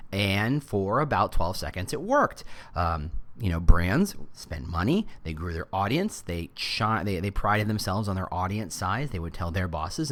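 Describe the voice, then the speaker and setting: A man's voice: on the low side, fairly bright tone. A middle-aged man hosting a podcast in a casual, chatty monologue with many restarts and asides. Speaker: podcast host.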